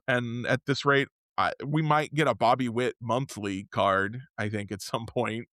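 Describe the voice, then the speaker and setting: A man co-hosting a casual podcast, his voice sitting at an ordinary middle pitch. He rambles happily and keeps restarting his sentences as he gets excited. The close microphone sounds dry, with no room echo at all. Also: unhurried, hardly any pauses. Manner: rambling, self-interrupting, excitable. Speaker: podcast co-host. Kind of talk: casual chat.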